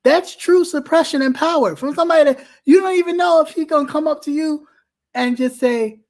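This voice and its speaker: A man's voice: very high-pitched, brisk. A man hosting a talk show, giving impassioned commentary and often restarting his sentences as he presses a point. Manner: emphatic, with many repeated restarts.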